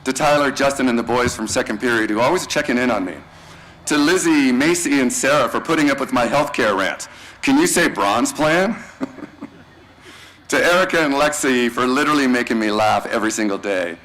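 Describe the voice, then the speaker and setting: Male teacher, graduation farewell speech, warm and slangy, thanks students by name. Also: mid-range voice, fairly quick, rough recording.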